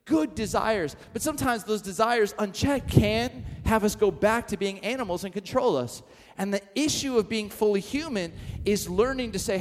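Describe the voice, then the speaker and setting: High-voiced preacher in a reverberant hall. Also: male voice, a little hiss or hum. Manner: animated storytelling with self-mocking asides. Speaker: pastor. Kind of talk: sermon.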